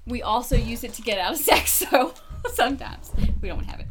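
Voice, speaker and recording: A woman's voice: a little high, lively intonation, fairly quick, slight background noise. A woman speaking bluntly and frankly as a guest on a casual podcast, often laughing.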